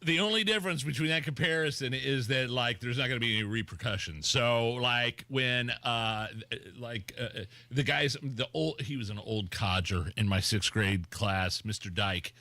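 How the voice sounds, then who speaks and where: A middle-aged man from Indiana, co-hosting a radio show and telling stories in excitable, casual banter. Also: medium pitch, normal speed, few pauses, no room sound. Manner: excitable storyteller. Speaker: radio co-host.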